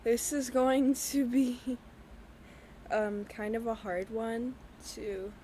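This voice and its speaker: A young woman hosting her own podcast, talking candidly in a halting, hesitant way with many pauses and ums. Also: fairly high pitch, fairly even intonation, dark tone, slight background noise. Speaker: podcast host. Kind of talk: candid personal talk. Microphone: voice-only recording with a black screen.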